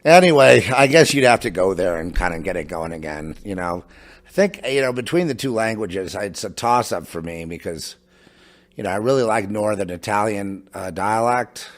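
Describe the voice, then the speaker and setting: Low-voiced man rambling casually. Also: expressive. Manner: halting, many restarts and trailing asides. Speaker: podcast host. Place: home in New Mexico.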